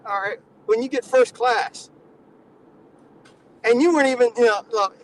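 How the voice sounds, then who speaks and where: A man's voice: sits high, normal speed, slight background noise, rough recording. A man with a nasal voice, lecturing in a mock-condescending way during a casual comedic panel chat.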